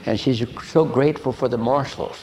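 An older man preaching a sermon, telling personal stories in an animated way and asking the audience questions. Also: mid-range voice, normal speed, slight background noise, rough recording.

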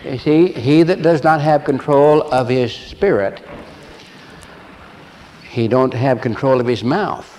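An older man preaching a sermon, telling a story with animated voices and laughter. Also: medium pitch, slow, pauses often. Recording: long echo of a large hall, faint ambience.

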